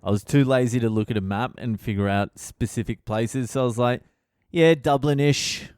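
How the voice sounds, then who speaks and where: A middle-aged Australian comedian hosting a casual podcast monologue, ranting in a profane, wry way. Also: male voice, on the low side, fairly even intonation, brisk, darkish tone, clean tone, no room sound, studio quality.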